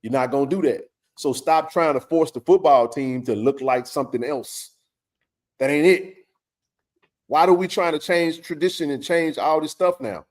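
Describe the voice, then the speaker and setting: A man's voice: fairly high pitch, moderate pace. A man hosting a sports talk stream from a home setup. He rants in a heated, blunt way and swears often, in a casual conversational tone.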